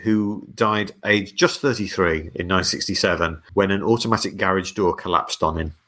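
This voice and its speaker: A man co-hosting a comedy podcast, telling football history in a dry, steady storytelling manner. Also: low voice, normal speed. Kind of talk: casual podcast chat.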